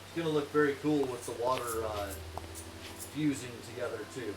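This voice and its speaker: With a medium-pitched voice at normal speed and background music playing, a streamer chats to himself about his plans in a modded block game in VR. He hums tunelessly as he works, and the recording comes from a roomy, distant mic with noticeable noise.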